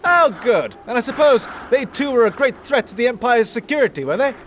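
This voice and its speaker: A man's voice: very high voice, sing-song, fairly quick, slight background noise. A man playing a pompous posh British officer. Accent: upper-class English. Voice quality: pompous, blustering, clipped. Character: pompous upper-class British army officer, man, middle-aged. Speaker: comedy sketch actor. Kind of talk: comedy sketch acting.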